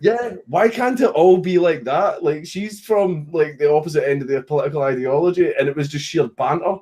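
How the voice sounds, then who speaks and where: A man's voice: a little high, brisk, darkish tone. A young Scottish man, a streamer, casually telling a story with lots of swearing and laughing at his own punchlines.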